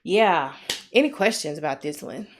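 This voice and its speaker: Alabama lady tutoring nursing students live, chatty and encouraging, slows down on the steps. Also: deep voice, lively intonation, slight background noise. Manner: chatty, encouraging, reads viewer comments aloud; slow, deliberate when working steps.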